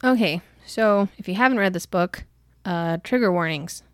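Young female podcast host, casual and animated, acts out quotes, dry close sound. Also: on the low side, moderate pace, dry recording. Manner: animated storytelling, acting out character quotes, frequent "like". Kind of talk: casual book recap chat.

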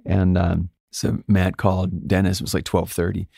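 Low-pitched guy from alaska chatting as a guest, super animated storyteller, dry close sound. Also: moderate pace, vocal fry, husky, dry recording. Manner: animated storyteller, jumps high when quoting others. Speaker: guest musician. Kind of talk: casual storytelling interview.

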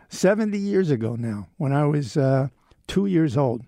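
A man's voice: on the high side, animated, unhurried, dark tone, no echo, clean studio sound. A man in his seventies talking in a rambling, wry, self-deprecating monologue as host. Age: 70s. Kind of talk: casual monologue.

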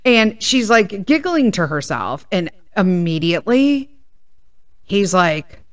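A woman telling a story on her podcast in a loose, profane rant full of tangents. Her pitch sits mid-range for a woman. The recording is dry and close. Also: sing-song, takes it slowly, no room sound. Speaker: podcast host.

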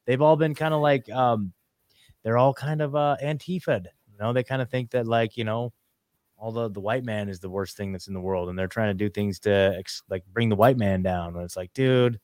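A man's voice: lowish voice, moderate pace, a little mellow, smooth, no room sound, clean studio sound. A man in casual podcast chat, ranting emphatically and calling out to listeners.

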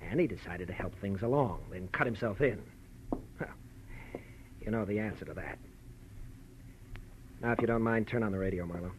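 A man's voice: fairly low pitch, moderate pace, long pauses, natural voice, rough recording. A cold, gloating swindler played by a man, smug and menacing as he holds the upper hand. Old radio drama sound with a faint hiss behind him. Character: scheming male swindler with a gun, cold and smug. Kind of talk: 1940s radio acting.

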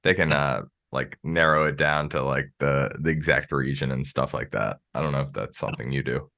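A man's voice: a bass voice, moderate pace, creaky, bright, forceful tone. An American man hosting a podcast, chatting casually in a rambling way with lots of filler words. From United States. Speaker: podcast host. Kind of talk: casual interview chat.

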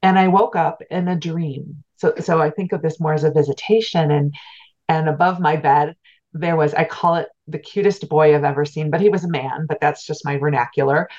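Low-voiced woman telling a heartfelt story. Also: steady tone, moderate pace, darkish tone. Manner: earnest, reflective, repeats words as she restarts. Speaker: podcast guest, spiritual teacher. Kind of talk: storytelling in an interview. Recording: dull lo-fi sound.

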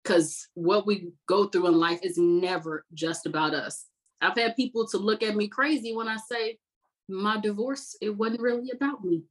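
A woman's voice: mid-range voice, moderate pace, breathy edge, poor audio. A woman in her thirties, an army veteran guest, telling her story candidly with an earnest, self-mocking manner. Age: 30s. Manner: earnest, reflective, laughs at herself.

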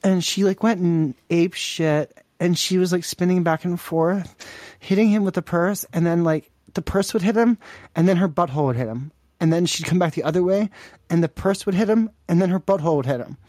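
A man's voice: sits high, a little fast, darkish tone, no echo. Prank podcast host, man, crude and mocking, rambling delivery, dry close sound. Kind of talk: crude prank call banter.

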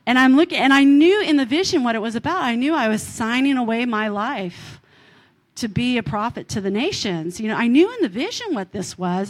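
A middle-aged woman preaching, telling a personal testimony in an animated way, with many fillers and laughs. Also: a little high. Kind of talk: sermon testimony.

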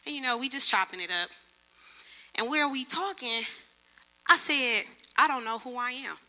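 Young woman preaching a testimony sermon, high and very bright, animated storyteller. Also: moderate pace. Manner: lively storytelling, acts out other people's voices. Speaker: church speaker.

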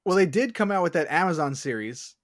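A man's voice: fairly high pitch, animated, fairly quick. A man co-hosting a casual podcast, speaking in a laid-back, opinionated way with frequent fillers. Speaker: podcast co-host. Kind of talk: casual chat.

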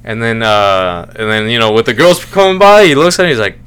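A man's voice: medium pitch, a little fast, clear, resonant tone. A man in casual podcast chat, animatedly retelling a story and acting out the people in it. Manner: animated storyteller, acts out voices while retelling. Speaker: podcast co-host.

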